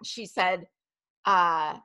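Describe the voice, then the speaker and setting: A woman in her thirties hosting a live stream, talking in a chatty, animated storytelling way. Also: on the low side, very slow. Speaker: host. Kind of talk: casual live-stream chat.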